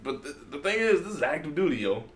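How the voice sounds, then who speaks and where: A man's voice: fairly high pitch, big pitch swings, fast talker, echoey room, a little hiss or hum. A young man co-hosting a podcast, telling stories in slangy casual banter and laughing often. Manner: laughing, joking, slangy storytelling. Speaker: podcast co-host.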